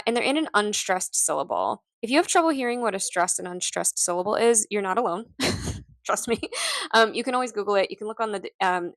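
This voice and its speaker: A woman explains reading concepts in a relaxed, informal teaching voice, full of ums and quick self-corrections. Her pitch sits in the middle range for a woman, and the recording is dry and close. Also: no echo. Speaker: literacy teacher. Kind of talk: casual recorded teaching walkthrough.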